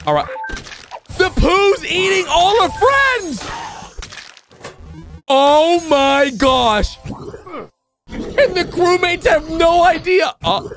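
A man reacts to cartoons with an exclaiming, excitable delivery. His voice sits very high and swings widely in pitch. Cartoon music runs clearly underneath. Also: extremely slow, pauses often. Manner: exclaiming, frequent shouts and laughs. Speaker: video reactor. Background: cartoon music and sound effects.

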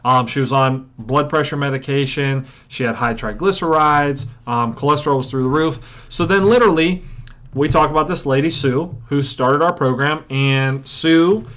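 A man's voice: medium pitch, moderate pace, fairly bright tone. Storytelling man teaching chiropractors. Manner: storytelling, acts out patients and audience. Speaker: chiropractor and coach. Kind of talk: teaching a seminar.

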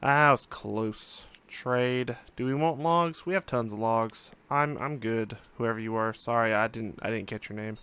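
A young man talks through a strategy game at an unhurried pace, wondering aloud and trailing off with "um" and "uh" as he weighs each choice. His voice is smooth and clear, and his pitch sits in an ordinary middle range. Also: a bit bright. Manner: musing, thinking aloud with frequent fillers. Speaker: let's play host. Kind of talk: casual gameplay commentary.

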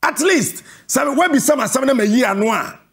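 Ghanaian male host, combative interviewer, high and lively with gravel. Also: normal speed. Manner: forceful, repeats and cuts in, sing-song emphasis. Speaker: radio and TV host. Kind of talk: combative live interview on air.

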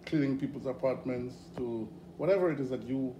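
A middle-aged man from Grenada with a Grenadian accent, guesting in a casual interview, telling stories in an animated way with frequent laughs. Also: mid-range voice, brisk, highs cut off. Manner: animated, hesitant with fillers, laughs often. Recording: echoey room with background noise.

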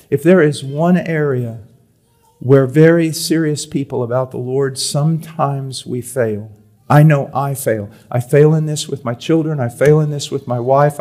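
Guy preaching, kinda high voice, goes loud then real quiet, repeats words over and over. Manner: swings from loud emphatic reading to quiet confiding tones. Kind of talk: sermon. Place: church or conference hall.

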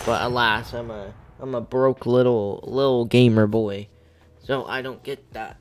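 A man's voice: mid-range voice, steady tone, normal speed, faint music behind. A man streaming a game, giving casual, goofy commentary full of gamer slang. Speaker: gaming streamer.

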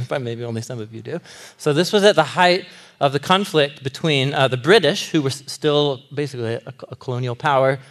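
A man in his thirties preaching a sermon to a live audience, animated, laughing often and acting out characters' lines. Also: medium pitch. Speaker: pastor.

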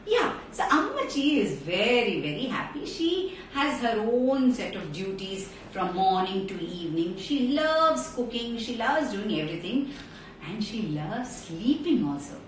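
A woman telling a story to children in an animated, direct way, streamed live from a phone. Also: mid-range voice, a little slow. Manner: animated, talks straight to children. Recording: echoey room, far from mic, faint noise.

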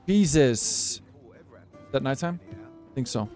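Profane, higher-pitched young male streamer. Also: normal speed, darkish tone, soft background music. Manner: profane, exasperated banter with chat. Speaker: live streamer. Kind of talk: casual gameplay commentary.

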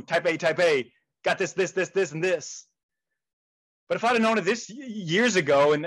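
Energetic man giving a motivational talk. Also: a little high, poor audio. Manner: animated storytelling with quoted voices. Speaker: motivational speaker.

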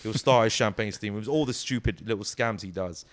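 A British man in his thirties, a comedy actor, chatting as an interview guest in an animated, storytelling way. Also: fairly low pitch, brisk. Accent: British English. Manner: animated, storytelling, many "you know"s. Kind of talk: casual interview chat.

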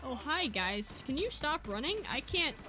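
High, excitable young woman gamer. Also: a little slow. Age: young adult. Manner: excitable, yelling, joking, swings from shouts to mutters. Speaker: gaming streamer. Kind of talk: gameplay commentary.

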